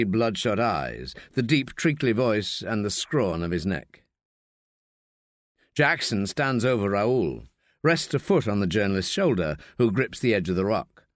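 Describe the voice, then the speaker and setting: A man reading an audiobook as narrator, measured and expressive. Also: on the low side, dry recording, studio quality. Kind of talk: scripted narration.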